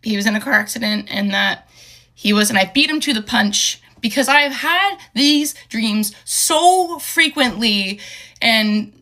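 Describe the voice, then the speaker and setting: A young woman telling a personal story in a halting, hesitant way, with many fillers and restarts, earnest and emotional. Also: medium pitch, sharp tone.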